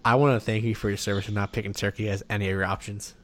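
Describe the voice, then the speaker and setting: A man co-hosting a podcast, joking loudly and crudely with a friend in casual banter, often trailing off mid-thought. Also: fairly low pitch, level tone, racing, crowd noise.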